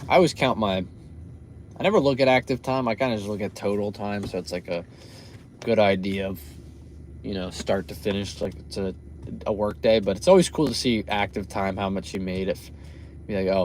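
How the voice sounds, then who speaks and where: A man's voice: on the low side, moderate pace, a little mellow, slight background noise. A young man chatting to his viewers while driving for food delivery late at night, tired and yawning. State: sleepy after a long shift. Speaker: food delivery driver vlogger. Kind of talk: casual vlog chat while driving. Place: inside a car.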